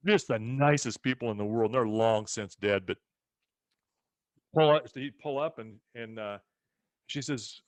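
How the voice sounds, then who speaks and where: In a dry recording, a man with a slightly high voice at a moderate pace tells family stories as a ranch co-host. Hailing from the rural western US, he keeps the chat casual and animatedly acts out what others said.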